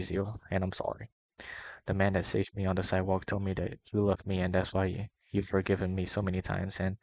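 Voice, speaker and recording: A man with a low, gravelly voice reads a long first-person document aloud, keeping his delivery flat and steady. The sound is dry and close, with a muffled, lo-fi edge. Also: dry recording. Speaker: reader.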